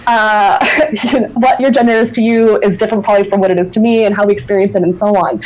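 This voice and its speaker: A woman presents her research in a loose, chatty way, full of fillers and restarts. Her voice is mellow and relaxed, at a middling pitch. She comes through a video call. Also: breathy edge, rough recording. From Newfoundland. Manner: casual, many fillers and restarts. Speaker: invited speaker. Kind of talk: academic talk.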